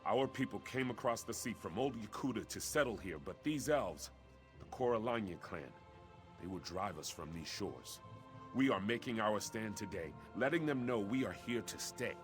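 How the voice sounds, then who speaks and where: An earnest young warrior prince , voiced by a man, formal and urgent, worried for his brother. His voice sits somewhat low. Soft game music plays underneath. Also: animated, normal speed, lightly acted. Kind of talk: video game voice acting.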